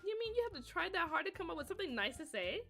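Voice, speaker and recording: A woman's voice: very high-pitched, big pitch swings, rapid-fire, a bit bright, soft background music, exaggerated voice. A woman voicing a feisty, prickly teen girl club member, reading game dialogue aloud with snappy, indignant retorts.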